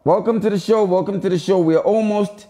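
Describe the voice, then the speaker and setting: A man's voice: high-pitched, brisk, mellow. A man hosting a live stream, chatting casually with viewers and repeating his calls to them. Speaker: live show host.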